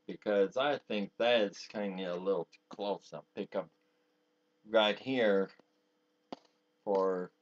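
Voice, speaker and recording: Amateur male performer breaking off casually, unhurried, muffled sound. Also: fairly low pitch, fairly bright tone. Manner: halting, with fillers. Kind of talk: casual aside to viewers.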